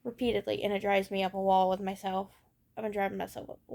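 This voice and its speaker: A woman's voice: mid-range voice, little pitch movement, fast talker, creaky, warm tone. A young woman giving a candid personal monologue as a vlogger. She talks in a raw, blunt way, swears and circles back over her thoughts. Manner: ranting.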